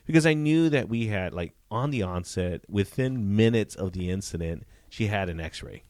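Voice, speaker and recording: A man, a former police detective, telling profane, animated stories from his career in a casual interview. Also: on the low side, normal speed, no room sound. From Southern California. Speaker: retired police detective, guest.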